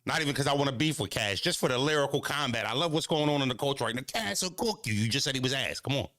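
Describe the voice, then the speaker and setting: Animated man ranting to his stream chat. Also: very fast, dry recording, studio quality. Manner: animated, repetitive, swings from low mutters to high exclaims. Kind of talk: casual live-stream rant.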